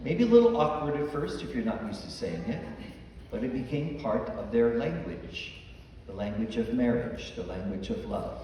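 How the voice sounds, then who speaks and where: A man's voice: mid-range voice, lively intonation, normal speed, dark tone, a little hiss or hum. A man, a priest, preaching a homily and acting out the dialogue in the stories he tells. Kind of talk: sermon. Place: church. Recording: echoey church hall from far off.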